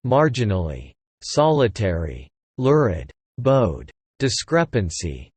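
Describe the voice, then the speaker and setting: A man reading a long list of English vocabulary words aloud, one word at a time, slowly and evenly. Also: fairly low pitch, sing-song, darkish tone, breathy edge, no room sound. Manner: reads single words one after another, slowly and evenly. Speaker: vocabulary reader.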